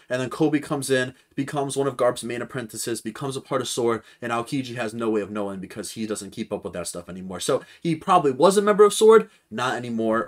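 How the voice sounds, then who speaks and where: A man giving casual, speculative commentary in a rambling way. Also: medium pitch. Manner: rambling, speculative, with fillers and restarts. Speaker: anime commentator.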